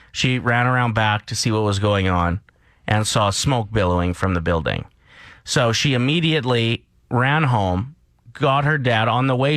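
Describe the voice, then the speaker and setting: A man's voice: lowish voice, no room sound. A man from Canada co-hosting a morning radio show, ranting and telling stories in casual chat. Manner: animated, ranting and storytelling.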